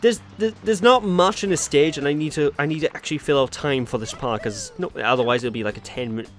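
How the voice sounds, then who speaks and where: A man's voice: on the high side, fast, soft background music. A man with a Welsh accent hosting a let's play, chatty and exasperated, with a bit of swearing. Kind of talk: casual gameplay commentary.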